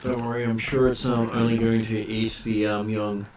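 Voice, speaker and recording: Low flat-voiced man running a game. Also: slight background noise. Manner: halting, full of ums and uhs. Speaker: game master.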